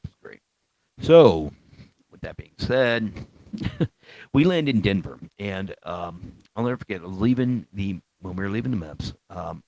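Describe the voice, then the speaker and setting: A man's voice: deep voice, vocal fry, darkish tone, no room sound. A man telling a story casually, rambling and cursing, with many fillers and restarts. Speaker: Marine veteran telling a story. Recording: dull, slightly lo-fi sound.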